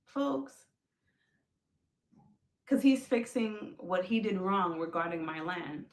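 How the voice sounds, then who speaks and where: Animated woman telling her story, gravelly edge. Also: on the low side, takes it slowly. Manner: animated, addresses listeners as folks, acts out quoted lines. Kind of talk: emotional personal storytelling. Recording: roomy echo.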